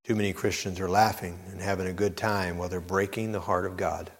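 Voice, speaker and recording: Deep-voiced and fairly quick, with fairly even intonation, a male preacher gives a sermon aimed directly at the congregation. The intensity surges until he nearly shouts, echoing through long hall reverb.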